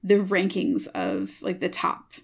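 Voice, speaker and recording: A woman's voice: takes it slowly, creaky, slightly rough. A young woman co-hosting a podcast, chatting casually about a book with lots of "like" fillers. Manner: chatty, many "like" fillers, lively pitch swings. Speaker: podcast co-host.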